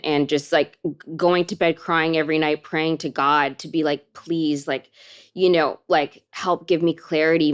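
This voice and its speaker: Young woman, interview guest, smooth resonant voice, lowish pitch, soft halting delivery. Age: young adult. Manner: soft, halting, many fillers. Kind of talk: candid interview talk.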